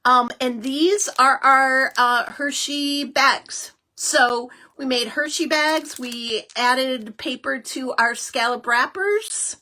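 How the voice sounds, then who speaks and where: A chatty, excitable middle-aged woman hosting a live card-making stream, with lots of fillers. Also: sits high, slow, hardly any pauses. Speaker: host of a live crafting show.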